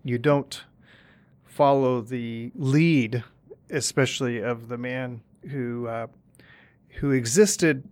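Male podcast host, middle pitch, halting delivery, tells jokes. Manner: hesitant, many restarts, tells jokes. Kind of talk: casual chat and joke telling.

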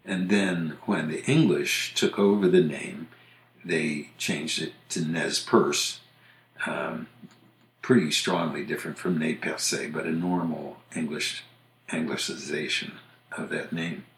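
A man from the United States hosting a podcast, casually explaining things in a measured way and spelling words out letter by letter. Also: a bass voice, steady tone, reverberant. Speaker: podcast host on English usage.

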